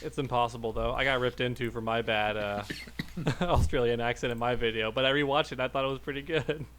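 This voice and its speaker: A man's voice: mid-range voice, steady tone, brisk, a bit bright, slight background noise. A man co-hosting a casual gaming podcast, joking and teasing and laughing often. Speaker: podcast co-host. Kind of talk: casual chat.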